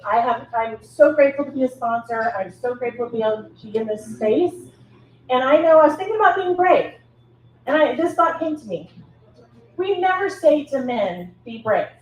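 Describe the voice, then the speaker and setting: A middle-aged woman, a sponsor talking effusively to a live audience and laughing as she goes. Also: high voice. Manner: effusive, laughing, restarts often. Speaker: event sponsor, energy therapist. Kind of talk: casual speech to a live audience. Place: echoey event room at a wine cellar. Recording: echoey room, distant mic, faint noise.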